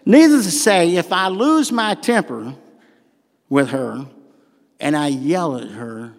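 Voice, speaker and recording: An older man with a Southern accent preaching a sermon in a church, folksy and animated with humorous asides. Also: fairly high pitch, takes it slowly, vocal fry. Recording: long hall reverb.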